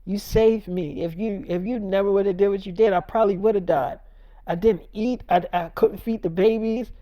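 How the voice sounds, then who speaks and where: A performer voicing a shaken, forgiving young wife in an improvised spoken story, rambling and halting with many fillers. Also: mid-range voice, fairly even intonation, mellow, dry recording, studio quality, natural voice.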